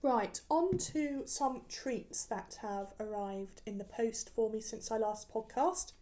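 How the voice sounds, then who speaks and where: Lady rambling about her knitting on camera, warm mellow tone, lots of ums. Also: a little high, slow pace. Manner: chatty, rambling with many ums and restarts. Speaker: knitting podcast host. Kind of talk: casual chat about knitting projects. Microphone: camera recording, showing work.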